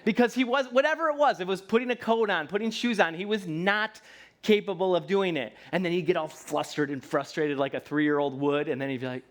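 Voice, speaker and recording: This is a male pastor delivering a sermon in a casual, conversational tone, tossing in playful put-on voices and frequent tag questions like "right?". His voice sits a little higher than most men's. He sounds like a man in his thirties talking from a church stage. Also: a little fast. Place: church sanctuary.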